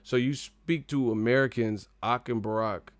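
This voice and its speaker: A man's voice: medium pitch, moderate pace, no echo. A man hosting a casual live stream, ranting in a joking, profane, mocking way.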